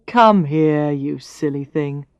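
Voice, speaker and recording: A woman's voice: low-pitched, takes it slowly, darkish tone, smooth, no room sound, highs cut off, pitched below the performer's own voice. Woman reading as a blunt, teasing man. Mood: soothing. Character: charming, blunt male gallery owner. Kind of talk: reading a story aloud.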